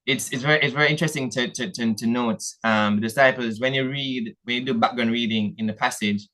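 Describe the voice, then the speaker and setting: A man's voice: medium pitch, fairly even intonation, fairly quick, bright, forceful tone. A Jamaican church elder preaching a sermon in a meeting hall, earnest and calling his listeners family, often restarting his sentences.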